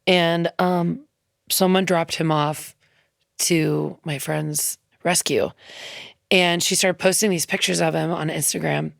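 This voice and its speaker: Woman, low gravelly voice, chatty heartfelt storytelling, dry close studio sound. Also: fairly even intonation, takes it slowly, no echo. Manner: chatty, heartfelt, loose with ums and quoted asides. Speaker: musician guest. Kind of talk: casual interview storytelling. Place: radio studio.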